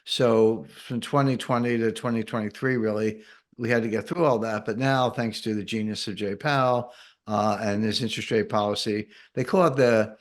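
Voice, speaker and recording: A man's voice: on the low side, fairly even intonation, normal speed. A man explaining economics in an interview, patient and methodical, with dry sarcastic asides. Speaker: guest economic commentator. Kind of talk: interview answers.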